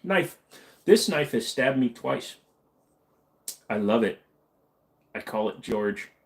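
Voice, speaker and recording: A man's voice: mid-range voice, animated, slow, background noise. A man hosting a loose late-night livestream Q&A, rambling from topic to topic. He cracks jokes and reads out viewers' messages in an easy, casual way. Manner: rambling, joking, reads chat messages aloud. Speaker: livestream host.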